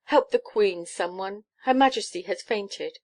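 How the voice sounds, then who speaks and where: A woman's voice: mid-range voice, unhurried, close to an everyday voice. A woman reading a storybook, voicing a flustered, desperate young king who gasps and stammers. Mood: frantic. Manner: gasping, stammering, frantic.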